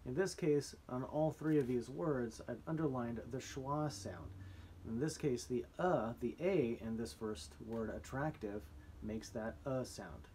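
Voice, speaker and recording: A man teaching a spelling lesson to his students, explaining slowly with frequent ums and restarts. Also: mid-range voice, warm tone, a little hiss or hum.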